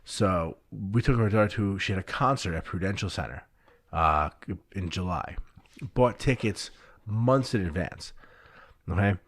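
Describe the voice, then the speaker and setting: A man guesting on a podcast, telling animated stories bluntly and swearing freely, with a New Jersey accent. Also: low voice, a little slow, no echo. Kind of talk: casual chat.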